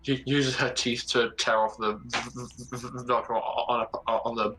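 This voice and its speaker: A man narrating as game master of a tabletop game, halting with frequent restarts. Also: medium pitch, level tone, sharp tone, rough recording.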